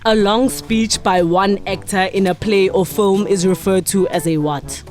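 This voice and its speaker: A woman's voice: medium pitch, steady tone, unhurried, darkish tone, faint music behind. A woman hosting a podcast quiz, reading questions in casual chat, teasing the players and laughing often. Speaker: podcast host running a quiz.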